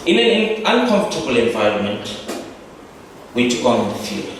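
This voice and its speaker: This middle-aged speaker at a reunion delivers a reflective, humorous tribute in a mid-range voice with big pitch swings at normal speed. The recording is distant and echoey, made in a large hall with faint ambience and a noisy background.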